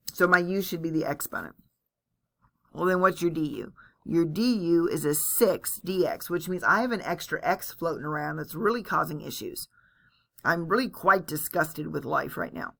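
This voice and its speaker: A woman's voice: lowish voice, moderate pace, vocal fry, fairly bright tone. A woman teaching calculus in a recorded lecture, chatty and self-deprecating as she walks through each step aloud. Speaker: math teacher.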